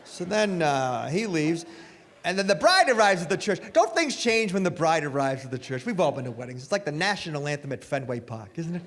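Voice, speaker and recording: Animated male stand-up comedian. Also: a little high, fairly quick. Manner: animated, acts out voices. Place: stage in a hall. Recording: live stage hall reverb.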